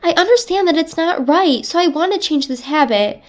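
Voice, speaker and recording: A woman's voice: expressive, moderate pace. A woman voicing a spiteful, bullying older mother-in-law who taunts and makes excuses. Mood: defensive. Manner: shrill, taunting, defensive.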